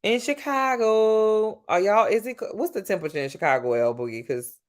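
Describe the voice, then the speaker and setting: A woman from Louisiana with a Southern accent, chatting casually with viewers on a livestream, swearing freely and jumping up and down in pitch. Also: expressive, normal speed. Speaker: livestream host.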